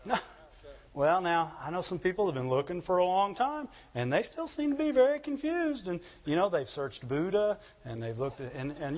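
A man preaching a sermon in an animated call-and-response manner, asking the congregation for agreement. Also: high voice, lo-fi sound. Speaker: pastor.

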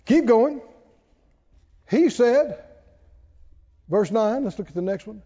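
A man preaching a sermon in a church, animated and playful, acting out worried voices and laughing along. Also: high voice, slow pace, long pauses, breathy edge. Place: church sanctuary. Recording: dull sound, long hall reverb.

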